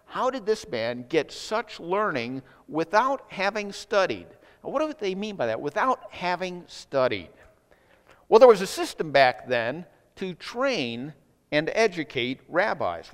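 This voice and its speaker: Casting: male pastor, fairly high voice with a lively, swooping delivery, casual asides, reverberant sanctuary sound. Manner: conversational, animated preaching with asides. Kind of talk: sermon.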